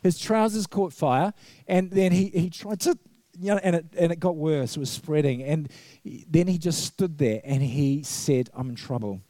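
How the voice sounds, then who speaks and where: A man's voice: a little high, normal speed, dark tone, no echo. A middle-aged man, a vicar, preaching a conversational sermon full of anecdotes, laughing often and acting out the quotes. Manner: chatty storyteller, laughs often, acts out quotes. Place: church.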